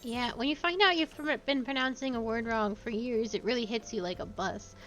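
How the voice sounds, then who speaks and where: Chatty woman streamer, slightly high voice. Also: a little fast, fairly bright tone. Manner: chatty, laughs easily, rambling anecdotes. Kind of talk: casual game-stream chat.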